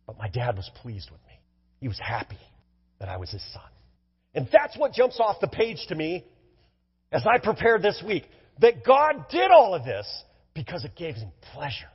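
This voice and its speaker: A middle-aged man, a pastor, preaching a sermon in an animated, emphatic way in a church. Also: medium pitch, slightly rough, long reverb tail, dull audio. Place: church sanctuary.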